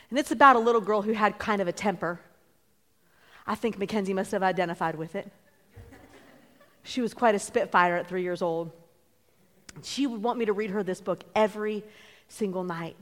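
A woman preacher giving an emphatic sermon that builds to loud declarations. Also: mid-range voice, long reverb tail.

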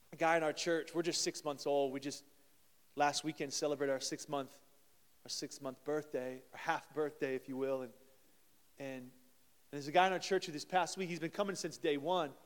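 A pastor man in his thirties preaching a sermon, telling stories with lively restarts and repeated words. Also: on the high side. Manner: animated storytelling with many restarts. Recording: long hall reverb.

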